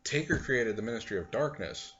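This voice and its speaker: A man in the host's seat of a podcast, rambling through long stories with plenty of "um" and "uh." His voice sits at an ordinary male pitch. The recording is muffled and lo-fi. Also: lively intonation, a little fast, fairly bright tone. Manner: rambling storyteller, recounting details with fillers. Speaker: podcast host. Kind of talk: casual chat.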